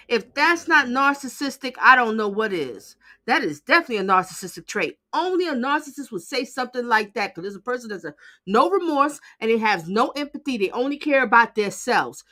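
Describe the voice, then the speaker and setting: A woman's voice: a little high, sing-song, fairly quick, pushed and bright. A woman commentating on trial footage in a blunt, heated way, mocking what she hears. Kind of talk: casual reaction commentary.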